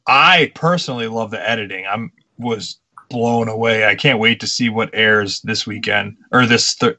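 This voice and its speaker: A young man co-hosting a casual podcast, a pro wrestler who tells animated stories and swears casually. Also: mid-range voice, lo-fi sound.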